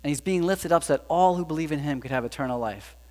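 A man preaching a sermon, animated, rising to emphatic peaks and dropping to hushed lines. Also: fairly high pitch, fast talker. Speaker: pastor. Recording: reverberant hall with mains hum.

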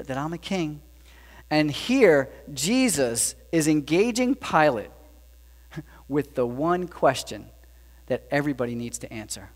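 A man preaching a sermon, animated, rising to emphatic peaks and dropping to hushed lines. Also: fairly high pitch. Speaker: pastor. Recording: reverberant hall with mains hum.

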